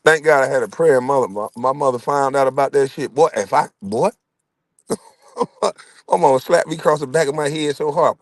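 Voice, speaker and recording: A man's voice: mid-range voice, fairly quick, no echo. A middle-aged man telling funny, profane stories as he reacts to chat, laughing often. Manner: laughing, profane, animated storyteller. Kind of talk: casual profane storytelling.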